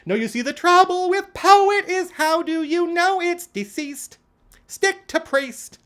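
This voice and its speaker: A man putting on a high falsetto to play a chirpy female pie-shop owner, singing a stage-musical duet. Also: takes it slowly, fairly bright tone, exaggerated voice. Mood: gleeful. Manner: shrill, sing-song falsetto.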